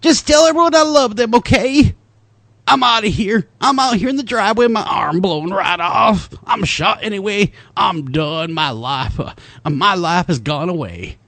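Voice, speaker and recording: A man's voice: high-pitched, lively intonation, normal speed, fairly bright tone, no room sound, pitched above the performer's own voice. A man voicing a shot Southern man in his sixties who blames squirrels, whiny and dramatic, with a put-on Southern accent. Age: 60s.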